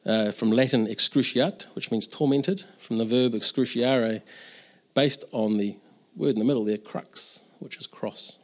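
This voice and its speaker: A man's voice: medium pitch, measured pace. A man preaching an Easter sermon in an earnest, conversational way, with casual asides.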